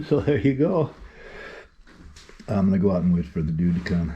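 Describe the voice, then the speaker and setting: Casting: everyday man, lowish mellow voice, rambling vlog storyteller, dull lo-fi audio. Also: sing-song. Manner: rambling, halting with many restarts; talks softly and higher to the dogs. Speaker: vlogger.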